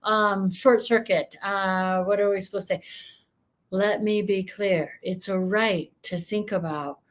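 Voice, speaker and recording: A woman doing a confused politician who loses her thread, slow and halting, going around and around in circles. Her voice stays near her own middle pitch. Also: steady tone, close to an everyday voice. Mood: mocking. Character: flustered woman politician repeating empty phrases.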